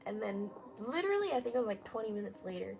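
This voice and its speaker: A woman's voice: mid-range voice, sing-song, fast, gravelly, a little mellow, a little hiss or hum. A young woman telling work stories as a guest in a blunt, sarcastic way with casual swearing. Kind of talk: casual storytelling.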